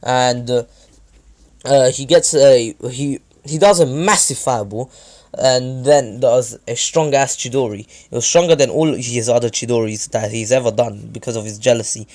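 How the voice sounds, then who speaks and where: A man's voice: medium pitch, normal speed, darkish tone. A man casually recapping a fan-made story, rambling with many fillers and self-corrections.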